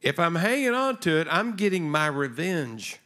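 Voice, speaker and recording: A fairly high, sharp-toned voice with a sing-song lilt comes from a guest preacher at a moderate pace. Facing a congregation from the church stage, he preaches in a conversational style, telling a story and voicing its people.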